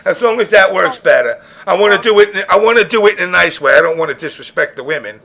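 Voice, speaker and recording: A man's voice: sits high, expressive, quick pace, vocal fry, bright, forceful tone, slight background noise. A young man hosting a podcast, joking around in casual chat and coaching a guest with playful laughter. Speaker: podcast host.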